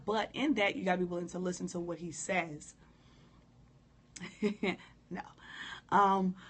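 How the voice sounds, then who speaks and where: A hoarse woman who coughs now and then, giving a candid, informal live-stream talk on prayer and speaking straight to her viewers. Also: mid-range voice, fairly bright tone. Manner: candid, informal, preacherly direct address. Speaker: motivational speaker.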